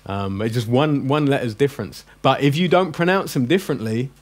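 A man teaching a class of adults, chatty and joking as he drills each sound slowly and quizzes the room. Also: mid-range voice, lively intonation. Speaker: Greek teacher. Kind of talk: classroom lesson. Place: classroom with a group.

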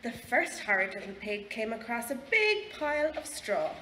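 A woman with an Irish accent reading a picture book aloud to children in a library, slow and expressive. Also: a little high. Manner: slow, expressive, lively storytelling. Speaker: library storyteller. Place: library room. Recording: echoey library room, faint background noise.

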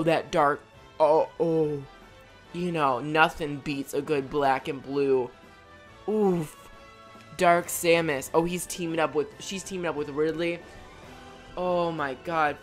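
A woman reacting to a game trailer as a YouTuber, gushing and excitable, with loud exclamations and jokey asides. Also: deep voice, takes it slowly, soft background music.

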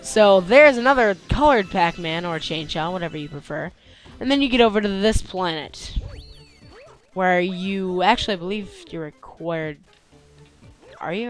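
A young man giving gameplay commentary, tired and yawning, complaining one moment and yelping with excitement the next. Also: sits high, normal speed. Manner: excitable, complaining, with sudden yelps. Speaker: let's play host. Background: faint game music.

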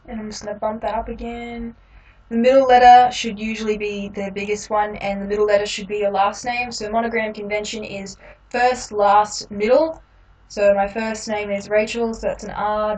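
Woman walking through a software tutorial. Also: mid-range voice, distant mic, slight background noise, low-quality recording. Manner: relaxed, explains each click with frequent ums. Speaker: tutorial host.

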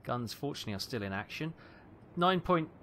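A man giving tense, excitable live commentary on a naval battle game, calling out ranges and fire orders. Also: medium pitch, brisk, background noise. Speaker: gameplay commentator.

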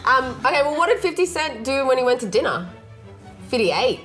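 A woman's voice: sits high, very animated, fairly quick. A young woman trading jokes in casual banter, giggly and often breaking into laughter. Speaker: joke teller in a laugh challenge. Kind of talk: casual joke-telling banter. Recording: loud music bed.

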